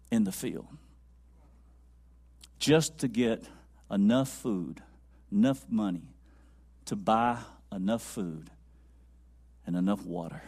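During a sermon, a preacher moves between loud, high exclamations and low, quiet reflection. He repeats lines to stress them and sometimes sinks to almost a whisper.

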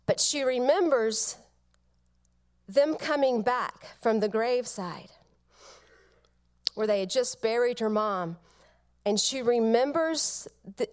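A middle-aged woman giving a funeral eulogy, telling family stories tenderly with soft pauses. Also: on the high side, clear, resonant tone. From Georgia, United States.

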